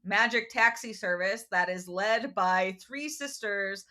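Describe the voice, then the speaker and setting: A woman co-hosting a podcast, chatting casually about a book, animated and laughing often as she acts out quotes. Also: mid-range voice, slow. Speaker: podcast co-host. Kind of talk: casual book discussion chat.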